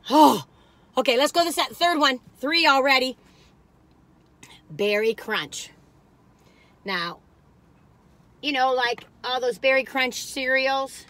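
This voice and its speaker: Casual food vlogger, middle-aged woman, exclamatory rambling delivery, bright tone. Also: high voice, lively intonation, slow pace, pauses often. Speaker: food reviewer. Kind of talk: casual chat while taste-testing.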